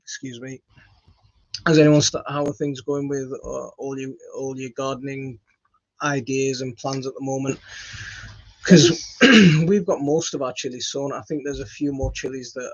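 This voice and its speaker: A man's voice: medium pitch, steady tone, normal speed. A man chatting casually to camera as the host of a home gardening channel, rambling and self-deprecating with many fillers and restarts. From West Yorkshire, England. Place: home studio, indoors. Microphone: phone. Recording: dull lo-fi phone audio.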